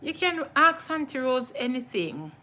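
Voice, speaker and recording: Slow-talking Jamaican woman in her kitchen. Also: high voice, very animated, sharp tone. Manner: chatty, repeats herself, talks to her viewers. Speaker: cooking livestream host. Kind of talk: casual livestream chat. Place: home kitchen.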